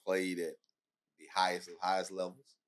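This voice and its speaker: A man's voice: sits low, monotone, normal speed. A man hosting a podcast who asks rambling, hesitant questions full of restarts. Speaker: podcast host. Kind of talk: casual interview talk.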